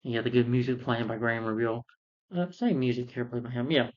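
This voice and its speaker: A man's voice: mid-range voice, fast. A man giving a casual spoken film review, retelling the plot in a rambling, repetitive way. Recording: dull, muffled lo-fi sound.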